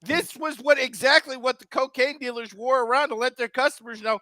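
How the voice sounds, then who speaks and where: A man hosting a sports talk show, ranting sarcastically and swearing freely in an animated way. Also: very high-pitched, fairly quick, dry recording. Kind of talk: comedic sports talk rant.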